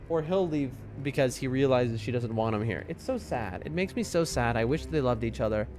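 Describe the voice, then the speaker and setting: A man's voice: lively intonation, brisk. Chatty man streaming a game. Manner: chatty and rambling, talks to his chat, soft high voice when talking to his cats. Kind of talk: casual live-stream chat. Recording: faint music behind the voice.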